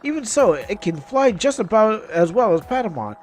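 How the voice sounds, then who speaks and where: A man's voice: sits high, big pitch swings, normal speed, darkish tone. A young man streaming a game, chatting casually and reading game text aloud, often stumbling and restarting words.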